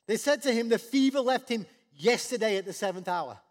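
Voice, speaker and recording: A man preaching a sermon, animated, dropping low and soft then rising loud when acting out the people in the story. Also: brisk. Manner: animated, swings from soft to loud acted quotes. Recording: long hall reverb.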